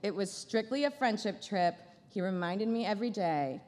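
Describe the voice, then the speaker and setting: A woman's voice: mid-range voice, animated, normal speed, long reverb tail, background noise. A woman comedian doing a stand-up roast at a banquet dinner, with a dry, sarcastic delivery and playful asides. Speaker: comedian headlining a gala dinner. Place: large banquet hall.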